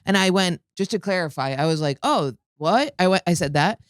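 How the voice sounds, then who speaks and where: A woman hosting a comedy podcast, telling stories in a profane, animated way. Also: fairly low pitch, fast, smooth, no room sound, clean studio sound. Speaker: podcast host. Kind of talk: casual comedic chat. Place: podcast studio.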